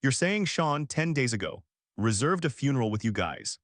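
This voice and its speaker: An anxious young man, as a male reader plays him in a storybook drama. He speaks urgently and pleads, at a middle pitch. The recording is close and dry. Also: sing-song, normal speed, no echo, close to an everyday voice.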